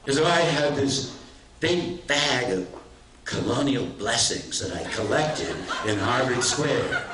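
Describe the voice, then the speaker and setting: An older man giving a public talk, telling anecdotes with warmth and self-deprecating humor. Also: medium pitch, noisy background. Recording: roomy hall, mic at a distance.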